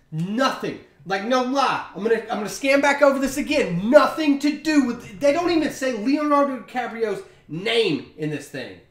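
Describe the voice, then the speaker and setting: A man talks through his own podcast in a loose, slangy ramble packed with fillers. His voice sits high and bright, bouncing up and down as he goes. The room around him gives a noticeable echo. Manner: chatty, slangy storytelling with many fillers. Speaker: podcast host. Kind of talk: casual solo podcast monologue.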